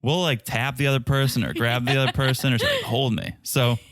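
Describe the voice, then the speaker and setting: A man's voice: medium pitch, quick pace, a bit bright, dry recording. A man co-hosting a reality-TV podcast, chatting casually with dry, teasing humor. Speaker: podcast co-host. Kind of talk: casual chat.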